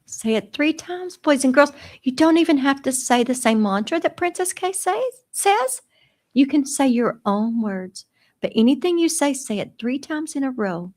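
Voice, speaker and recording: A woman's voice: sits high, animated, moderate pace, darkish tone. A woman hosting a children's radio show as a dog trainer, speaking in a soothing, coaxing way, like a teacher talking to kids.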